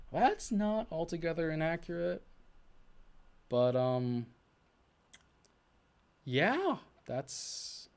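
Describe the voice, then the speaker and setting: A man talking to himself on a solo stream, rambling and self-correcting as he goes. His pitch is very lively, dropping into low mumbles and then jumping up high for emphasis. The pitch sits in a middle range for a man. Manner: rambling, self-correcting, thinking aloud with many restarts; swings between low mumbles and bursts of high animated emphasis. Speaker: VTuber streamer. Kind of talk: casual solo stream chat.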